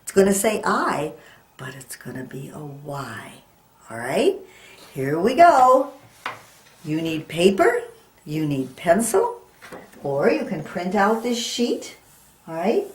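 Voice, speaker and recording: A middle-aged woman teaching a children's phonics lesson, prompting in a slow, sing-song, teacherly way. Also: fairly low pitch, very animated, reverberant. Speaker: reading teacher.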